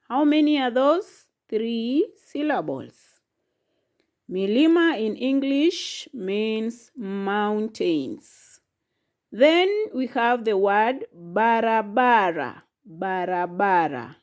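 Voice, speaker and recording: A woman teaching a language lesson, speaking slowly and patiently, repeating each word and sounding out its syllables one at a time. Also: fairly high pitch, lively intonation, darkish tone. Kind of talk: slow, patient classroom lesson.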